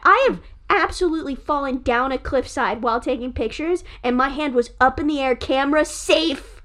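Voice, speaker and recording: High-voiced profane ranting woman. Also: normal speed. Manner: profane, excitable, rants loudly. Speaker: podcast co-host. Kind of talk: casual chat.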